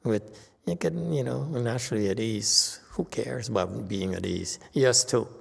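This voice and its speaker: A man's voice: medium pitch, measured pace, vocal fry, husky, big-room sound. A man teaching as a Buddhist master in a dharma lecture, blunt and dismissive, brushing off questions with impatience.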